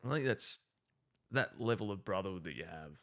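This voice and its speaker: A man's voice: sits low, animated, a little fast, a bit bright. A man hosting a podcast, chatting casually and agreeing with his guest. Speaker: podcast host. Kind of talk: casual chat.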